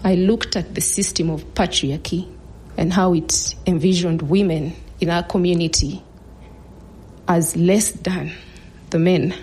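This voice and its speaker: A woman in her thirties telling a personal story in an earnest, measured way, now and then dropping to a hush. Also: lowish voice, fairly even intonation, breathy edge.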